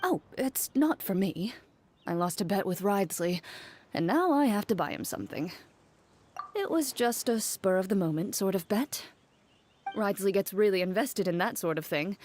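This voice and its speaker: Actress doing reserved deadpan woman, medium pitch, dry matter-of-fact delivery. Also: moderate pace, slight background noise, natural voice. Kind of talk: game voice acting.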